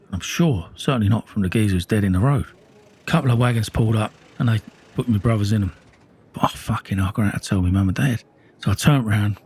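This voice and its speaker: A man's voice: fairly low pitch, a little mellow, slight background noise. A middle-aged man telling a raw first-person true-crime story, blunt and intense, with heavy swearing.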